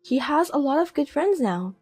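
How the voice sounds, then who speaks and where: A middle-aged woman voicing a calm, proud mother who speaks in a cool, dryly mocking way, in a narrated audio drama. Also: sits high, moderate pace, faint music behind.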